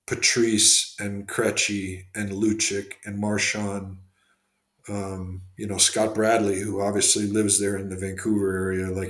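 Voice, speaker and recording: A man's voice: lowish voice, reverberant. A man telling stories as a guest on a podcast, rambling with lots of fillers and restarts. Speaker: guest, former hockey executive and scout. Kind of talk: casual podcast interview storytelling.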